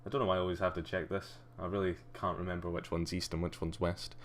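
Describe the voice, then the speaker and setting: Deep-voiced Scottish man with a posh tinge. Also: flat delivery, quick pace. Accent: Scottish with a slight posh English tinge. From Scotland. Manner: chatty, dry, self-mocking. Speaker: streamer. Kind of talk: casual livestream commentary.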